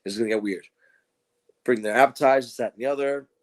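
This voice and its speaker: A man's voice: mid-range voice, quick pace. A man co-hosting a podcast, telling crude stories in casual chat, swearing freely and mimicking the people he quotes. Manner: profane, animated storytelling with mocking quoted voices. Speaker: podcast co-host.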